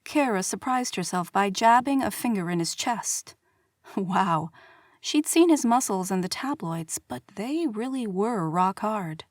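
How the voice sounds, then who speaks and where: A woman reading a romance novel aloud as audiobook narrator, measured and expressive, on a studio mic. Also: mid-range voice, no room sound. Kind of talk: scripted narration.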